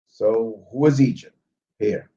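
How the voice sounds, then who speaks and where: Man, Bible teacher, slow unhurried delivery, dull lo-fi audio. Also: medium pitch, warm tone. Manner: checks in with frequent "okay?"; walks through maps and word studies on screen. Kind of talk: live Bible history lesson.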